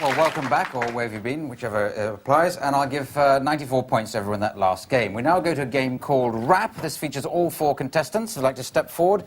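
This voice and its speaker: A man's voice: mid-range voice, fast talker, few pauses, a faint crowd. A man hosting an improv comedy show in a TV studio, talking hesitantly with many ums and restarts. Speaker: game show host. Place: TV studio with a live audience. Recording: loud studio audience laughter and noise.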